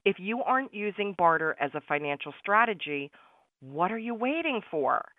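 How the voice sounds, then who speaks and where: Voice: medium pitch, very animated, moderate pace, no room sound. A radio host promoting a barter network in an upbeat, salesy and chatty way, sometimes correcting themself mid-sentence. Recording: tinny phone-like radio sound, dry.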